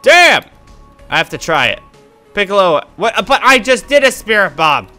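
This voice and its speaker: A man giving goofy, excitable commentary while playing a video game. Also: sits high, moderate pace, soft background music. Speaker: gaming YouTuber. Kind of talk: casual let's-play commentary.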